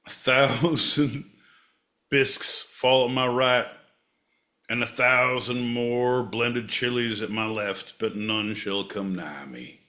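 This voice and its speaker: A man's voice: mid-range voice, slow, sharp tone. A man co-hosting a comedy podcast, theatrical and mock-solemn, slipping into mock-infomercial patter. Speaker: podcast co-host.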